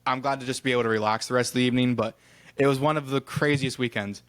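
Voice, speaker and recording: A man's voice: mid-range voice, fairly even intonation, quick pace. A man from Ohio co-hosting a podcast, telling a rambling travel story in casual chat and acting out the people in it, with a bit of casual swearing. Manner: rambling storyteller who acts out quoted exchanges, swears casually. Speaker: podcast co-host.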